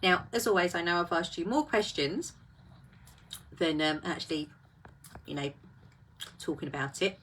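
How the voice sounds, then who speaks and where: A woman's voice: fairly low pitch, moderate pace, pauses often, fairly bright tone, a little hiss or hum. A woman hosting a casual live talk, reflective and full of rhetorical questions.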